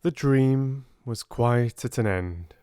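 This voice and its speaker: A British man narrating an unabridged classic audiobook in an expressive storytelling manner. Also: medium pitch, slow pace, clear, resonant tone, no echo, clean studio sound. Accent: British English. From Britain. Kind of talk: scripted narration.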